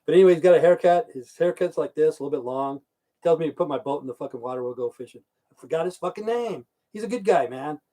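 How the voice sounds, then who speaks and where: A man's voice: on the high side, fast, warm tone. A middle-aged man chatting casually on a live stream, rambling through stories and swearing constantly. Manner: reads out chat viewer names. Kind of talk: rambling casual livestream chat.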